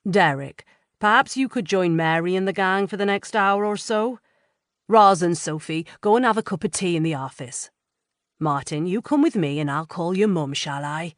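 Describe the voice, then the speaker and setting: A woman voicing a calm, authoritative male supervisor who takes charge. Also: high voice, normal speed, dry recording, clean studio sound.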